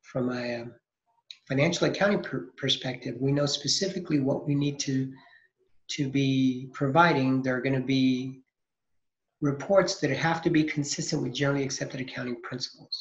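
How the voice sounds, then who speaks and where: In a recorded lecture, an accounting instructor with a medium-pitched, steady voice explains a lesson step by step at normal speed. He poses questions and answers them himself, restarting often, and the recording is echoey, dull, and lo-fi.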